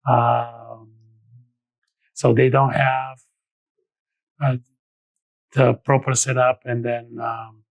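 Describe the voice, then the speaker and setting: A middle-aged man talks as a guest expert in a podcast interview, at an ordinary middle pitch. He lays things out step by step and often restarts his sentences. The recording is dry and close, with no room sound. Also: level tone, very slow, gravelly, long pauses, no echo, dull audio. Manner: explains step by step with frequent restarts.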